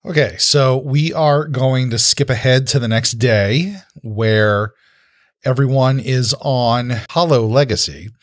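A man's voice: medium pitch, slow. A man running a tabletop game as game master, narrating casually and loosely with fillers. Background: loud background music.

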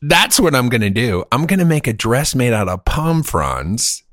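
A man's voice: mid-range voice, sing-song, moderate pace, fairly bright tone, no room sound. A man hosting a podcast, joking and self-deprecating in casual chat from a home studio. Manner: joking, self-deprecating, drawls a mock artist catchphrase. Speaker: podcast host.

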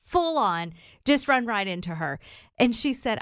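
A bright, fairly high-voiced woman on a morning radio show, telling a story in casual chat with lots of laughter and acted-out lines. The sound is close and dry, with no room around her. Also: measured pace, clean tone, no echo. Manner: animated, laughing, acts out quoted lines.

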